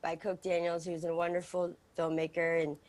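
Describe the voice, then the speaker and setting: A woman's voice: on the low side, normal speed. A woman with a lazy Southern drawl, speaking as a guest on a morning TV show. She takes her time with her answers and hedges with fillers before she gets to the point. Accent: Southern American. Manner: lazy drawl, relaxed, hesitant. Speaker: actress and singer guest. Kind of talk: morning TV interview.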